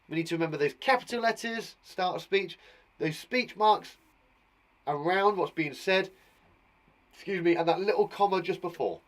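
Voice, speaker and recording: A man's voice: high-pitched, fairly bright tone. A man with an English accent teaching a live online English lesson to young children, patient and encouraging, talking aloud as he writes. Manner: patient, encouraging, talks aloud while writing. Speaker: primary school teacher.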